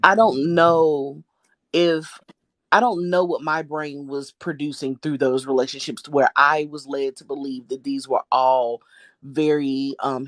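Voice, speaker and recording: A woman's voice: extremely low pitch, no room sound. A woman, a guest in a casual live-stream chat, speaking emphatically and repeating phrases for effect. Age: 30s. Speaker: guest co-host.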